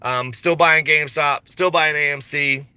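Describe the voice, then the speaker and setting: A man's voice: a little high, steady tone, normal speed, bright, forceful tone, clean tone, no room sound. A man talking casually on a stock market livestream, rambling and slangy, with frequent laughs. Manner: rambling, laid-back, slangy, laughs often.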